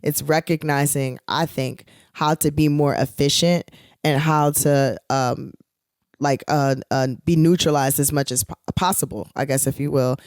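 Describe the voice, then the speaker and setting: A woman's voice: sits low, fairly even intonation, measured pace, darkish tone, no echo, clean studio sound. A young adult woman co-hosting a podcast, chatting casually and rambling with many fillers. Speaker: podcast co-host, touring singer. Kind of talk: casual chat.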